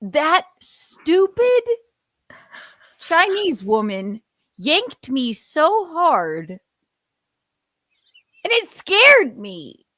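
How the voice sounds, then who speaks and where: A woman putting on a crude, resentful elderly pope, talking slowly and mock-solemnly with swearing. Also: sits high, wildly swooping pitch, sharp tone, no echo, exaggerated voice. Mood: mock-pious.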